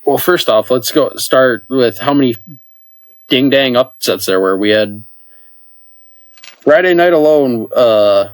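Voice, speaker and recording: A man's voice: mid-range voice, slow, long pauses, no echo. A man co-hosting a podcast in casual chat, chatting through a list of results. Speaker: podcast co-host.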